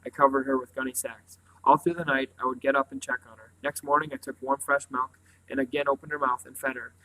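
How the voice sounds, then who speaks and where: A man reading a novel aloud in a quiet, earnest way, stumbling now and then. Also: medium pitch, little pitch movement, fast, a little hiss or hum, rough recording. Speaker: reader.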